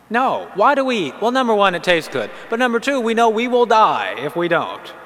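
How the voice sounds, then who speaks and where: A fairly high-voiced man gives a humorous sermon, moving from lively storytelling to earnest teaching. His voice rings out with a long reverb from the large hall around him. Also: fairly quick, hardly any pauses. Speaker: Catholic preacher.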